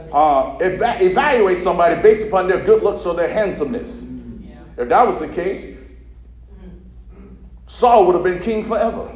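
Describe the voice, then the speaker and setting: Male preacher, high voice, call-and-response sermon, prompts the crowd to repeat, quiet murmurs to shouting, echoey church hall. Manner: leads the crowd with repeated "say" prompts and "you follow me?" checks; swings from low murmurs to loud, shouted preaching.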